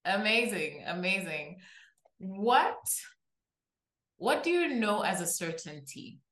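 A woman interviewer speaks slowly with a bright, lively voice that rises and falls. She sounds roomy and off-mic, encouraging her guest between questions. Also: medium pitch.

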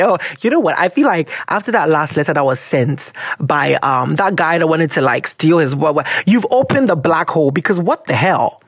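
A man's voice: a little fast, breathy edge, no room sound, clean studio sound. A man with a Ghanaian English accent hosting a podcast, talking casually and expressively, wandering off on tangents. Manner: expressive, jumps between tangents, big pitch swings. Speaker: podcast host. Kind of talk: animated casual monologue.

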